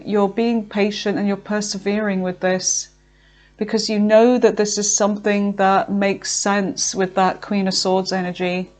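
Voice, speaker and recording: A woman chats her way through a tarot reading, filling the gaps with "um" and "like" and muttering to herself between cards. She slows down and stretches her words when she explains what a card means. Her voice sits at a middle pitch for a woman. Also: darkish tone. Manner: chatty, with frequent fillers and self-talk. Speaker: tarot reader.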